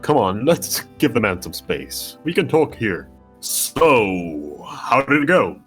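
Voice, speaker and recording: A man reading visual novel dialogue aloud with friends over voice chat, with brisk, friendly line reading. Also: medium pitch, sing-song, a bit bright, husky, faint music behind.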